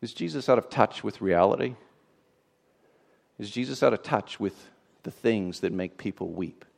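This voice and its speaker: A man preaching a sermon in an expressive way, moving from loud emphasis to a hushed, tender tone. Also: on the low side, normal speed, creaky.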